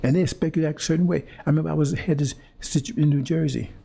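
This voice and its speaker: Very fast and on the high side, a man's gravelly yet mellow voice with a breathy edge and fairly even intonation drives an impassioned monologue. He's a preacher confronting his audience, repeating phrases and stammering and restarting while he searches for words.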